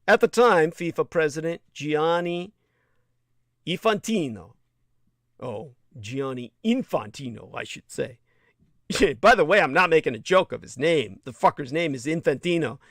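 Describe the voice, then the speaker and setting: A man's voice: fairly high pitch, animated, normal speed, a bit bright, no room sound, clean studio sound. A man hosting a livestream, reading aloud and adding blunt, indignant commentary with some swearing. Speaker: livestream host.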